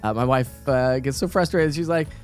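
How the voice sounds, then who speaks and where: A man's voice: medium pitch, moderate pace, soft background music. A middle-aged man, hosting a casual morning weather show in a chatty, rambling way with lots of fillers. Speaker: TV weather forecaster.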